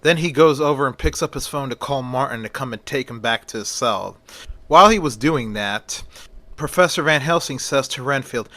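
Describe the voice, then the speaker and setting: A man narrating a story in a loose, chatty way. His voice is bright and forceful, and the sound is dry and close. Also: medium pitch, normal speed, no room sound. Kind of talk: casual story retelling.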